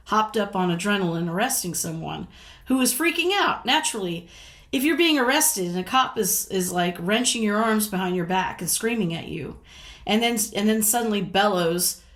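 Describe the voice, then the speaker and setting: A woman's voice: medium pitch, fairly bright tone. A middle-aged woman from the United States talking casually to camera as a vlogger, frank and indignant, swearing freely and laughing between points.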